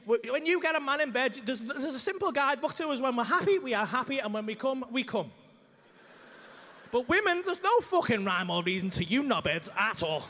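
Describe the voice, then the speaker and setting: High-voiced crude stand-up comic. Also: male voice, big pitch swings, brisk, bright, forceful tone. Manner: crude, ranting, acts out moaning voices. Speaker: stand-up comedian. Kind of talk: stand-up comedy routine. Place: comedy club stage.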